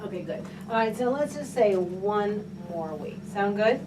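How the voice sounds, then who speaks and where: A woman's voice: mid-range voice, lively intonation, a little slow, noisy background. A woman teaching a private piano lesson, encouraging her student and counting beats aloud. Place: piano studio indoors. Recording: distant mic, loud piano playing.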